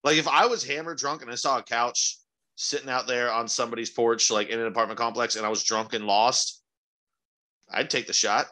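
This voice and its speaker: A young man co-hosting a podcast, telling rambling, profane stories in casual chat with sudden excited jumps in pitch. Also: a little fast. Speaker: podcast co-host.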